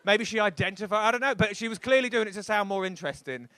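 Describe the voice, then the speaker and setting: Young male stand-up comic, bright tense voice, rambling and animated delivery. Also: high-pitched, fast talker. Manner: rambling, animated, bursts into loud shouts. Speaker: stand-up comedian. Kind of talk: stand-up routine. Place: comedy club stage.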